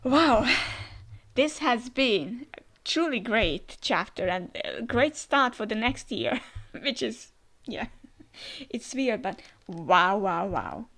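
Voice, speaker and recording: A woman's voice: on the high side, sing-song, takes it slowly, a bit bright. A woman hosting a casual comic reaction, speaking enthusiastically with frequent fillers and restarts. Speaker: reaction channel host.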